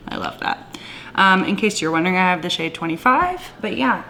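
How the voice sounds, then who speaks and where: A woman talking through her makeup in a casual, gushing vlog, with a playful put-on Southern twang and soft whispered asides. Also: mid-range voice, a little hiss or hum. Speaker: beauty vlogger. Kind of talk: casual makeup tutorial chat.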